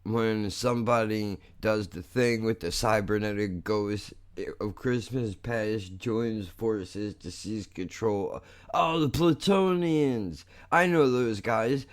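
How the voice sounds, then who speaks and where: A man hosting a podcast, chatting casually and excitably with lots of swearing and laughter as he reacts to clips. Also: fairly low pitch, slow pace, few pauses, clear, resonant tone. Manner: excitable, profane, laughs often. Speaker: podcast host.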